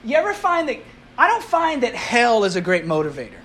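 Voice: mid-range voice, wildly swooping pitch, brisk, a bit bright, slight background noise. A pastor giving a sermon to a congregation in a conversational way, asking the audience rhetorical questions and mixing in light humor.

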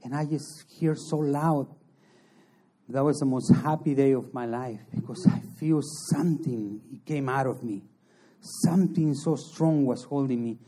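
A man giving an emotional personal testimony as an interview guest, in halting, earnest non-native English. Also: medium pitch, warm tone. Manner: emotional storytelling.

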